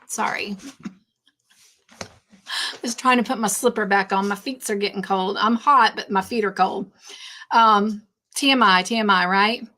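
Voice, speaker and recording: A woman hosting a casual live stream, warmly greeting chat viewers by name and chatting between tasks. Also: medium pitch, steady tone, measured pace, pauses often. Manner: warm, effusive greetings to chat viewers, easily sidetracked. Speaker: livestream host.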